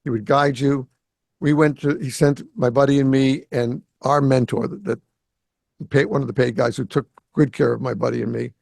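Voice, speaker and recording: Recording at home in South Florida, a podcast host from the Greater Boston area tells a casual story in a gravelly, medium-pitched voice at normal speed. He's animated, acting out the quoted dialogue, and the sound has no echo.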